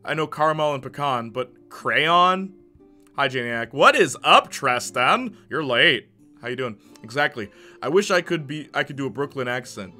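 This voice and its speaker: A man streaming casually, reading chat messages aloud and reacting with quick laughs. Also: medium pitch, expressive, pushed and bright, soft background music.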